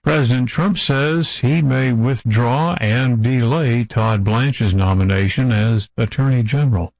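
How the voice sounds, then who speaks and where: A man anchoring a radio newscast in a crisp, even news-reading delivery. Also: mid-range voice, unhurried, no room sound, rough recording.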